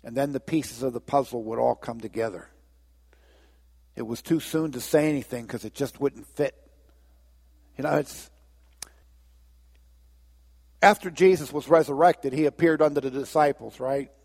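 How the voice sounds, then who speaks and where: A man's voice: medium pitch, normal speed, gravelly, a little mellow, long reverb tail. A man preaching a sermon, telling Bible stories and briefly acting out the voices of the people in them. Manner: storytelling, acts out voices of biblical figures.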